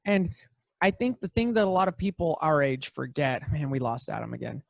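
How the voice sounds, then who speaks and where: A young man hosting a podcast, telling stories in casual chat with animated, profane bursts. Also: a little high, a little fast, creaky, dry recording. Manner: animated, profane storytelling with sudden loud bursts. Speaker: podcast host.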